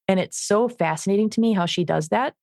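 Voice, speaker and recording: A woman co-hosting a podcast as a dog trainer, chatting casually and telling animated stories about her dog. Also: mid-range voice, fairly quick, vocal fry, no room sound, clean studio sound. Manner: animated storytelling, acts out her dog's voice. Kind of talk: casual chat.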